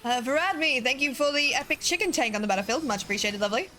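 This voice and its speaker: A young woman with a high, bright voice chats with her viewers while she games. She giggles often and talks easily. Soft game music sits underneath. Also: quick pace. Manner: giggly, chatty, reads chat aloud. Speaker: game streamer. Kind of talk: casual live-stream chat.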